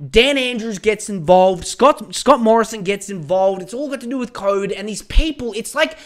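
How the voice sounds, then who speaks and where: A man's voice: high-pitched, normal speed. A man, hosting a solo podcast and ranting in a profane, heated way with lots of stammered restarts. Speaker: podcast host.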